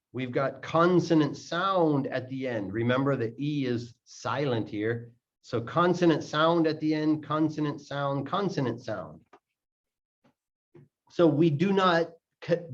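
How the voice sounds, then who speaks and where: A man teaching English pronunciation, explaining step by step and repeating words to show how they link. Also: a little high. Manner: repeats words slowly to demonstrate sounds. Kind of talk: explaining lesson, slow and deliberate. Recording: dull lo-fi audio.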